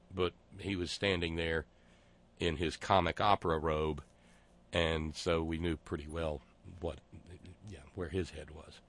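A man's voice: low voice, a bit bright, dry recording. A man talking through a casual monologue, sarcastic and digressive, often stopping to restart his sentences.

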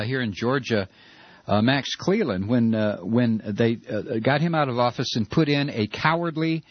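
A man's voice: medium pitch, no echo, lo-fi sound. An American man hosting a political call-in radio show, talking in a heated, sarcastic way with lots of fillers. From United States. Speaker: radio talk show host. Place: Georgia, United States.

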